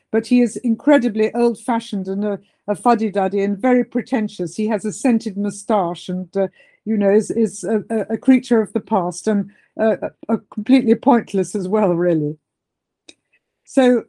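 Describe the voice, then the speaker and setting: A woman lecturing on literature. She speaks hesitantly, with many fillers and restarts. Her voice is warm and mellow and sits fairly high.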